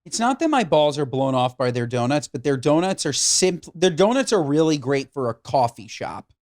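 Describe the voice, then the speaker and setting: Lively enthusiastic male podcast co-host. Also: a little high, moderate pace, dry recording, clean studio sound. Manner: animated, enthusiastic about food. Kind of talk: casual chat.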